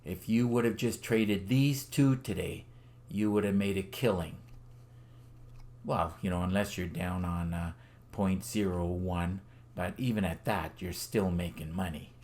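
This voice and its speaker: A man's voice: low voice, steady tone, measured pace, a little mellow. A middle-aged man walking through his trades on screen, rambling with fillers and getting enthusiastic over his wins. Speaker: forex trader selling a trading system. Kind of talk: screen-recorded trading walkthrough.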